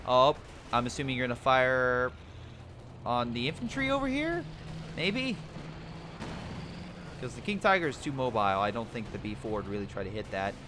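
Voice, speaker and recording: A man commentating a strategy game replay, excitable, laughing and giving units joking voices. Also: mid-range voice. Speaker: game caster. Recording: game noise behind the voice. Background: artillery and gunfire game sounds.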